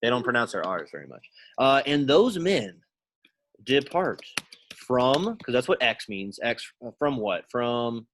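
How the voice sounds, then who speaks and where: A man's voice: medium pitch, very animated, unhurried, fairly bright tone, a little hiss or hum. A man teaching a Latin class, casually quizzing students by name and thinking aloud as he works through sentences in a classroom. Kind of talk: classroom lesson.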